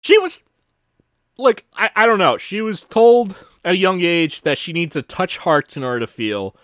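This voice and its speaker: A man's voice: sits high, normal speed, a bit bright, no echo, clean studio sound. A man hosting a podcast, rambling through a casual retelling full of fillers, restarts and offhand swearing. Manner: casual and profane. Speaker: podcast host. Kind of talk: casual chat.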